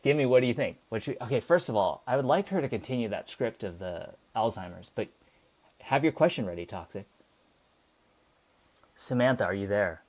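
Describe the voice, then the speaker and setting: A man's voice: medium pitch, expressive, a little fast, a little mellow. A man hosting a livestream, talking casually and passionately to his chat, rambling and swearing. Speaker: livestream host.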